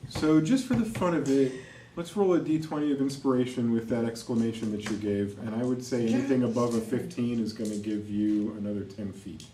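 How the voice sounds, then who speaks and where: A man running a tabletop game as game master, narrating and ruling on rolls in a relaxed, wry way. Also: mid-range voice, brisk. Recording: roomy echo, mic at a distance, faint noise.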